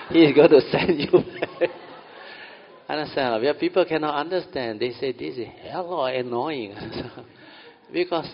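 A man's voice: medium pitch, gravelly. A man giving an informal meditation talk, often asking "understand?" and chuckling. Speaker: meditation teacher. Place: meditation hall. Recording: dull audio in a long-reverb hall.

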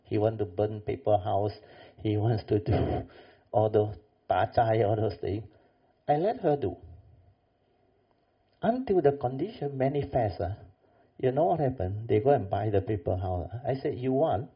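An older man, telling a lively story in a dharma talk and acting out the people in it. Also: fairly low pitch, unhurried, slightly rough. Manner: animated storyteller, acts out quoted voices. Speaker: Buddhist meditation teacher. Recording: dull lo-fi class recording.

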